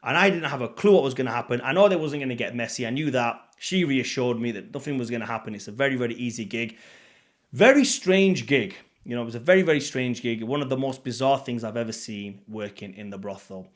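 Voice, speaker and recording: A man telling a story to camera in a casual vlog, animated and blunt, swearing freely and acting out the moments. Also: mid-range voice, fast talker. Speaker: vlogger.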